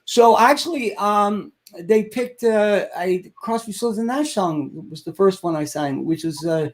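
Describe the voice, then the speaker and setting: A man's voice: sits high, a little slow. A middle-aged man from Ireland, a guest singer telling a story in an interview and acting out the people he quotes. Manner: animated storyteller, acts out quoted voices.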